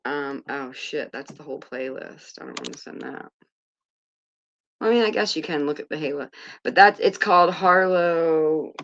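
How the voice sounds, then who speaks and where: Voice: mid-range voice, normal speed, a bit bright, highs cut off. A livestream host chatting casually, rambling and distracted, swearing offhand while sorting out links. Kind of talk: casual commentary chat.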